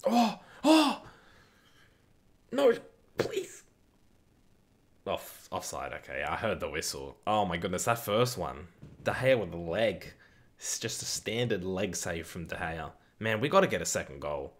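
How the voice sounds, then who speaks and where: Casual chatter, chat messages read aloud, swearing and excitement fill this young UK man's football watch-along stream. He speaks at normal speed in a low voice.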